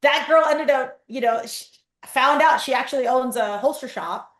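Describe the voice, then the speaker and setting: A woman guest telling stories in a casual interview over a video call, acting out her own quotes with lively energy. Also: high-pitched, moderate pace. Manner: animated storyteller, acts out her own quotes. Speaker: guest, company founder. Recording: roomy echoey sound.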